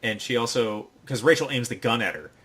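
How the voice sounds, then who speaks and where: A man with a mid-range voice hosting a podcast, recounting a story at length. He rambles and leans heavily on fillers, in a relaxed, conversational tone. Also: medium pitch, fairly quick, breathy edge. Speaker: podcast host. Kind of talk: casual recap chat.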